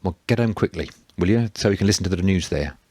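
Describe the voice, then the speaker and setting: A big, sturdy man, as a male narrator plays him, talks in a low, brusque way, short-tempered. Dry, close sound. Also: animated, fast talker, darkish tone, husky, no room sound. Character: big sturdy blunt man, quick to anger.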